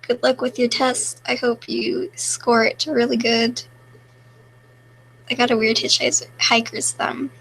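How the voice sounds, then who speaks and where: A woman's voice: a little high, fairly even intonation, takes it slowly, fairly bright tone, a little hiss or hum, low-quality recording. A young woman casually chatting on a live stream, reading viewer questions aloud and answering them offhandedly.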